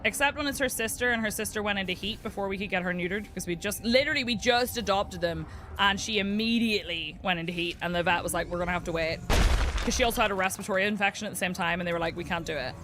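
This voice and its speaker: While streaming a game, a woman chats casually and tells stories, laughing often. Her medium-pitched voice moves fast over a noisy background, and she comes across as an animated, chatty storyteller who laughs a lot.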